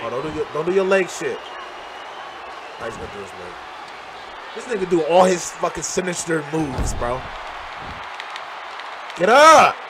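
A man commenting on his own wrestling game as he plays, loud and profane, trash-talking and often shouting. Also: fairly high pitch, very animated, a little slow, long pauses. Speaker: gaming channel host. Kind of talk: live reactive gameplay commentary. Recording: crowd and game noise behind.

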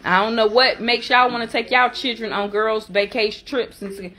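A woman's voice: on the high side, normal speed, sharp tone. A middle-aged woman and mother, chatting in a sassy, talkative way for a casual family vlog. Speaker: mother and vlogger.

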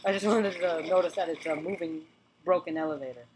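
A woman with a somewhat low voice narrates her gameplay in a loose, chatty way. She repeats words and talks straight to the enemies on screen, and a clear layer of noise sits under her voice in the recording. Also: fairly quick. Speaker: gaming channel host. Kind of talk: let's play commentary.

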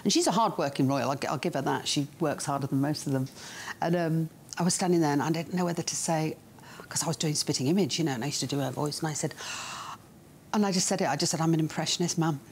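Scouse lady telling stories, kinda low voice, chatty. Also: fast, a little mellow, slight background noise. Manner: chatty, conspiratorial storyteller. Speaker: guest impressionist. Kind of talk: casual chat, anecdotes.

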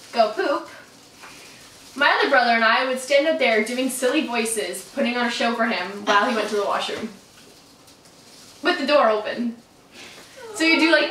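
A woman's voice: sits high, normal speed, pauses often, a bit bright, far from the mic, a little hiss or hum. A young woman vlogger chatting casually and telling stories with a lot of giggles and "like"s. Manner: giggly, storytelling, lots of "like". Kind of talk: casual chat. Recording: echoey room, off-mic.

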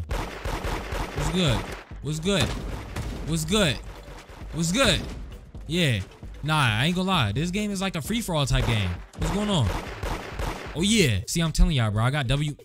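A young man rattles off slang-filled gameplay commentary at a mid-range pitch, animated and trash-talking. Game gunfire and clicks keep popping clearly behind his voice. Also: a little hiss or hum. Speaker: gaming video creator. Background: game gunshots and clicks.

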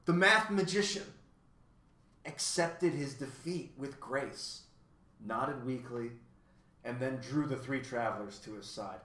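A man's voice: mid-range voice, unhurried, bright, forceful tone. A man reading a children's novel aloud, with casual asides to viewers, recorded in an echoey room. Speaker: reader.

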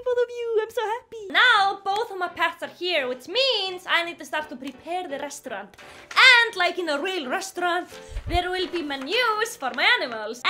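A young woman with an Icelandic accent, vlogging indoors and chatting excitedly, giggling and baby-talking to her pets. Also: high voice. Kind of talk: casual vlog narration. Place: indoors at her mother's house.

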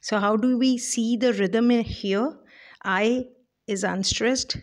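A woman giving a poetry lecture, talking deliberately with frequent fillers and restarts. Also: a little high, steady tone. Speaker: English literature lecturer.

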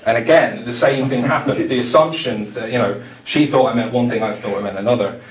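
A man's voice: mid-range voice, brisk, hardly any pauses. Man telling stories in a roomy hall. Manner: anecdotal, conversational, many fillers. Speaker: conference speaker. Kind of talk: storytelling talk. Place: conference hall. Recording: roomy hall, faint noise.

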